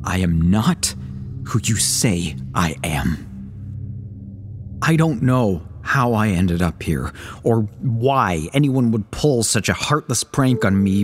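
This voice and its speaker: A man reading a horror story aloud as a pleading first-person letter, in scripted narration. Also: on the low side. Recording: voice over a music bed. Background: music.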